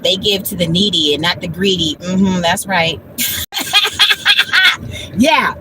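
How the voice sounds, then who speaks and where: A woman's voice: on the low side, moderate pace, background noise. A woman, blunt and talking about herself by name in a casual livestream monologue. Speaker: vlogger.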